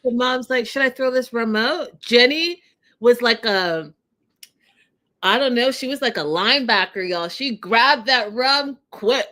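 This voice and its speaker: A woman's voice: fairly high pitch, measured pace, pushed and bright. A woman hosting a reality TV recap show, chatting casually and animatedly, laughing often and calling her viewers y'all.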